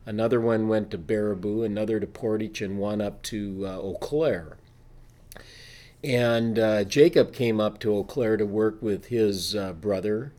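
A man's voice: lowish voice, fairly even intonation, unhurried, mellow. A man from Wisconsin who heads a brewery, telling its history in an informative, precise way. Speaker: brewery president. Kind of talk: interview answers.

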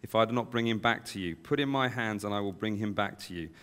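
A man's voice: lowish voice, fast talker, a bit bright, natural voice. A man voicing a reproachful eldest brother, read aloud from scripture. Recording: long hall reverb.

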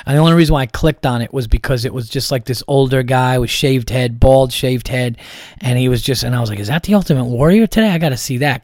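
A man's voice: mid-range voice, darkish tone, no echo, studio quality. A man hosting a podcast in a casual comedic monologue, rambling and profane with lots of restarts. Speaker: podcast host.

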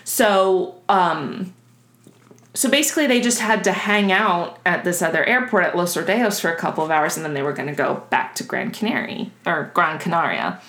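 A woman's voice: fairly low pitch, expressive, moderate pace, a bit bright. A woman co-hosting a podcast, telling a story in a casual, chatty way and laughing often. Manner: chatty, laughs often, restarts while explaining. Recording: roomy echo.

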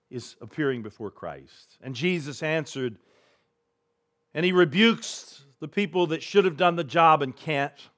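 A man preaching a sermon as pastor, retelling a scripture story vividly, swinging between hushed and emphatic delivery. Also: fairly high pitch.

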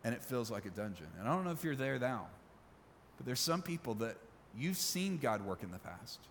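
A man, a pastor preaching a sermon with emphatic repetition and dramatic pauses, recorded in a church sanctuary. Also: medium pitch, sing-song, fairly bright tone, a little hiss or hum. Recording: long reverb of a large hall.

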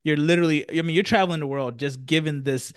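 A man hosting a podcast, supportive and quick to affirm his guest. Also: fairly high pitch, fairly even intonation, clear, resonant tone, dry recording, clean studio sound. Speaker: podcast host. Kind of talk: podcast interview.

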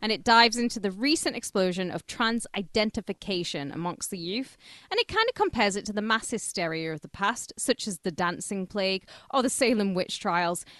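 A woman's voice: mid-range voice, lively intonation, fairly bright tone, no echo, clean studio sound. A woman from Carlisle with a Cumbrian accent, co-hosting a comedy podcast in a teasing, giggly way. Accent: Cumbrian English. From Carlisle, England. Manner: giggly, teasing, quick to laugh. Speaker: podcast co-host. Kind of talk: casual comedic chat.

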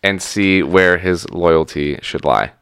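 A young man playing a tabletop game, joking crudely and deadpan. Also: deep voice, slow pace, smooth, dry recording. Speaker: tabletop player. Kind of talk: casual role-play banter.

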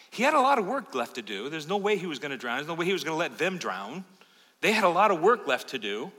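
A man's voice: on the high side, very animated, fast. Impassioned preacher man in a reverberant sanctuary. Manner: impassioned preaching, swinging between loud urgent peaks and quiet asides. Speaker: pastor. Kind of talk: sermon. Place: church sanctuary. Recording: long hall reverb of a church sanctuary.

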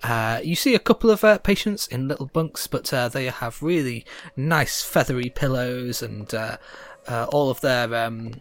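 A game master narrating a tabletop game scene, halting with many fillers. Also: medium pitch.

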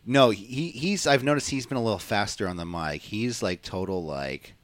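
Male podcast co-host, low lively voice, loose and chatty, dry mic. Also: normal speed, no echo. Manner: animated, rambling, many fillers. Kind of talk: casual podcast chat.

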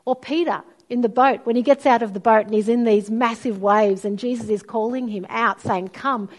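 A woman's voice: on the high side, moderate pace. A middle-aged woman, preaching a sermon and telling stories expressively. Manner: storytelling, expressive, acts out quoted voices.

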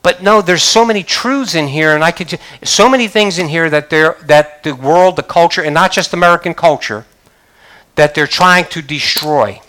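A man's voice: fairly high pitch, moderate pace, sharp tone. An older man preaching a sermon as pastor, emphatic, with frequent hallelujahs. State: choked up.

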